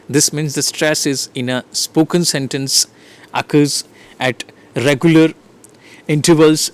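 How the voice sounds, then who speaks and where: A man with an Indian English accent giving an online lecture to teachers, pausing often with fillers and restarting his sentences. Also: a little high. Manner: hesitant, many fillers and restarts. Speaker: teacher educator.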